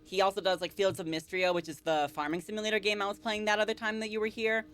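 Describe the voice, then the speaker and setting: A woman's voice: mid-range voice, level tone, fast talker, a bit bright. A woman livestreaming a game in a casual, chatty way, giggling often and reading dialogue aloud. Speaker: streamer. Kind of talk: casual live game stream.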